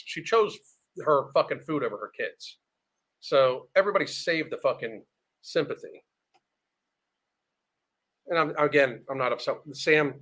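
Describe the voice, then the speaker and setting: A man's voice: a little high, fairly bright tone. A man hosting reaction commentary, ranting bluntly and swearing often. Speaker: commentary host.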